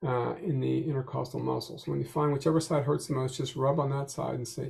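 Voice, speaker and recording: Gravelly-voiced man coaching a tapping routine. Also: medium pitch. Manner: slow, halting delivery with frequent "uh" fillers; repeats affirmation phrases in a steady chant. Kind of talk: guided tapping instruction.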